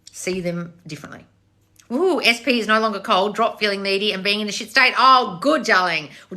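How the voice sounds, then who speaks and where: A woman with a bright, clear voice hosts a casual live stream and reads viewer comments. She answers them bluntly, firing back rhetorical questions and swearing now and then. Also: mid-range voice. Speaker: manifestation coach reading live chat.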